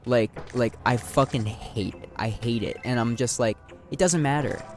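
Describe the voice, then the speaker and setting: A man's voice: mid-range voice, little pitch movement, moderate pace. Rambling young man musing over gameplay. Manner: rambling, filler-heavy, swears casually. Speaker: gaming video creator. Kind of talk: reflective talk over gameplay. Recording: background game music.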